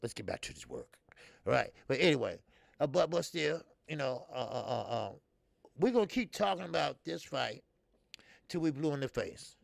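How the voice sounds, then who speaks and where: A man in his fifties hosting a boxing talk show, swearing freely and rambling with many fillers, jumping between loud emphatic bursts and low mutters. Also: animated, normal speed, vocal fry, dry recording. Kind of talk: casual opinionated commentary.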